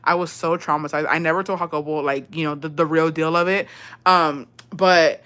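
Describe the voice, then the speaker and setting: A woman's voice: low voice, steady tone, normal speed, fairly bright tone, smooth. A woman telling a casual storytime vlog, swearing freely, calling her viewers besties and acting out the dialogue.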